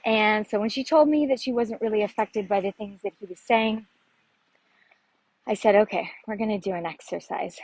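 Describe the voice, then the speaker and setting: A woman's voice: mid-range voice, normal speed, breathy edge, low-quality recording. A woman working as a success coach, giving an earnest motivational talk to camera and often ending her points with "right?". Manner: warm, calls listeners "sister".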